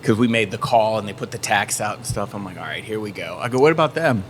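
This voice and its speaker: A man telling a story in a casual chat, acting out shouted quotes as he goes. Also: lowish voice, quick pace. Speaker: band member. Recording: faint background noise.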